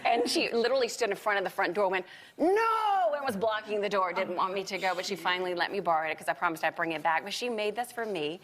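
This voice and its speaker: A woman's voice: mid-range voice, quick pace, hardly any pauses, fairly bright tone. A woman guest on a talk show, gushing about her young daughter's drawing.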